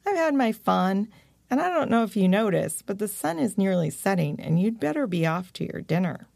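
A woman's voice: mid-range voice, very animated, moderate pace, vocal fry, darkish tone, dry recording. A woman voicing a mischievous young male raccoon dog in a storybook, with an easygoing, breezy manner.

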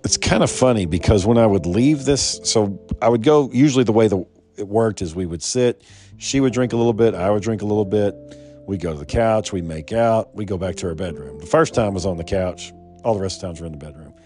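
A man's voice: lowish voice, a little fast, dark tone, faint music behind. A man telling a rambling personal anecdote in casual, heavily profane talk, often restarting his sentences. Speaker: storyteller.

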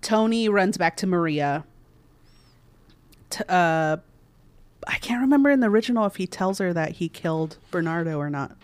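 Smooth-voiced co-host, rambling. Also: mid-range voice, lively intonation, normal speed, pauses often, no room sound. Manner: rambling, filler-heavy. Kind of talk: casual chat recapping a movie.

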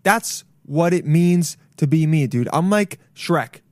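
Young guy rambling on his podcast alone, loud and jokey, swears a lot, dry sound. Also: fairly high pitch, animated, measured pace, dry recording. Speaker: podcast host. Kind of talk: solo podcast rant. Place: apartment. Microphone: camera mic.

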